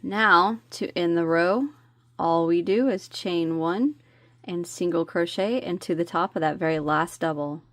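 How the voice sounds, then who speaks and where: Slow-talking woman teaching crochet. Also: fairly low pitch, no room sound. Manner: counts stitches softly, chatty asides, slips on words. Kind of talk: step-by-step craft tutorial.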